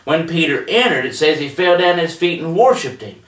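A man's voice: a little high, lively intonation, brisk, a bit bright. A man teaching a televised Bible study in a plainspoken, folksy way, with frequent fillers and restarts. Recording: roomy echo, voice a bit distant from the mic.

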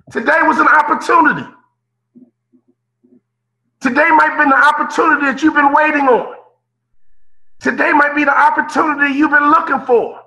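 Man, 50s, motivational keynote speaker, preacher cadence, bright and piercing tone. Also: very high voice, low-quality recording. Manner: preacher-like, repeats phrases, calls out listeners by name. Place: remote keynote on a call.

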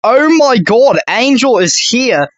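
A man from Maine hosting a podcast, chatting loud, jokey and crude with friends. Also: extremely high pitch, lively intonation, takes it slowly, highs cut off, a crowd in the background. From Maine, USA. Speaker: podcast host. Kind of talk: casual chat among friends.

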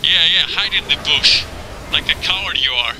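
A man giving profane, excitable commentary over his own gameplay, trash-talking opponents and breaking into laughter and yelps. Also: moderate pace, slight background noise. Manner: frequent laughter and sudden high yelps. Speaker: gamer recording his own match.

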